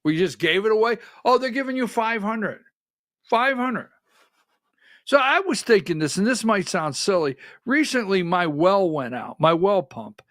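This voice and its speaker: Man, high voice, folksy political talk host who leans on rhetorical questions; dry close mic. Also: sing-song, a little slow, a bit bright, dry recording. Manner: folksy and rhetorical, asks repeated questions and quotes others. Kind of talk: livestream commentary, talking to listeners.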